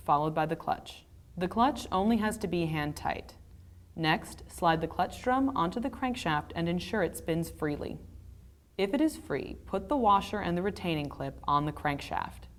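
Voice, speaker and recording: Low-voiced woman narrating repair steps. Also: animated. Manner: measured step-by-step instructions. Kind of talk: scripted instructional voice-over.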